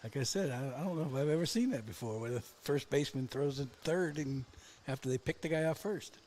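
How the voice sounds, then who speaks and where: A man giving relaxed baseball color commentary, chuckling and telling stories from his coaching days. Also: mid-range voice, brisk, slight background noise. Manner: relaxed and chuckling, tells anecdotes.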